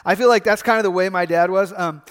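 A man's voice: high voice, quick pace, clean tone. A middle-aged man from Michigan, a pastor preaching a sermon in a conversational, storytelling way with frequent fillers and restarts.

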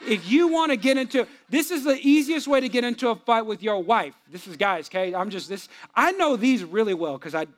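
Animated high-voiced male preacher. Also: a little fast, hardly any pauses. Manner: animated preaching, swings from loud to hushed. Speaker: pastor. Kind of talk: sermon.

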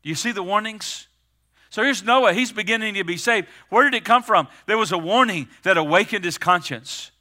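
A middle-aged man preaching a sermon as pastor, stressing words with slowed, emphatic pauses. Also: high-pitched, bright, forceful tone.

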